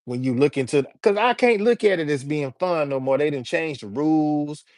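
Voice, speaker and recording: A man hosting a casual livestream, reading viewer comments and giving shout-outs in a laid-back, slangy way. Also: a little high, moderate pace, dry recording, clean studio sound. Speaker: livestream host reading chat.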